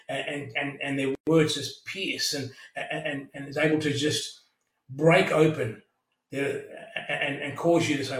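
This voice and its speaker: A man's voice: a little high, fairly bright tone. A middle-aged man preaching a sermon, earnest, often repeating words as he restarts. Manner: earnest, frequent stammered restarts. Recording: echoey room, mic at a distance.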